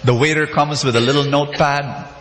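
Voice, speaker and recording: A male preacher giving an animated sermon, leading his audience in call-and-response and repeating key phrases. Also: a little high, fairly quick. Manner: animated, repetitive, prompts audience. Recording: echoey hall, faint noise.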